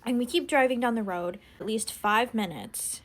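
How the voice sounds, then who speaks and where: A woman's voice: fairly high pitch, normal speed. Chatty young woman telling a storytime. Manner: chatty, exasperated, lots of "like" fillers. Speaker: vlogger. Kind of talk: casual storytime vlog.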